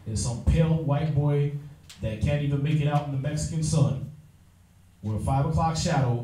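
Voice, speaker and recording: A man's voice: mid-range voice, moderate pace. Emphatic man teaching in an echoey room. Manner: emphatic, animated lecturing with frequent fillers and restarts. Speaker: Bible study teacher. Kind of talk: Bible class teaching. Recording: echoey room, mic far off.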